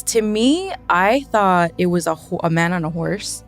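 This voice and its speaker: A young woman with a fairly low voice tells a spooky personal story as a podcast guest. She talks casually and animatedly, laughs often and acts out the voices of her friends. Faint music plays underneath. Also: animated, measured pace.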